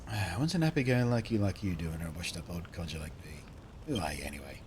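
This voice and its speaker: A man voicing a washed-up old tavern keeper in a game who grumbles gruffly at strangers. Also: low-pitched, quick pace, a little mellow, a little hiss or hum, voice pushed down, natural voice. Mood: grumbling.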